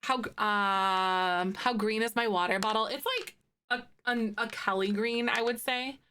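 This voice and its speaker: Her voice is medium in pitch, steady, unhurried, sharp and clean. She's a woman in her thirties on a home stream with a green screen, chatting casually and bubbly with live viewers, giggling and gushing over what she loves.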